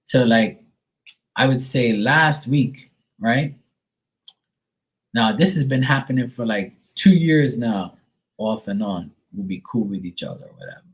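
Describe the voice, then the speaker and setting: A middle-aged man hosts a live stream, telling stories casually with plenty of profanity and fillers. His medium-pitched voice is unhurried with long pauses, he imitates others in a raised voice, and the recording is rough.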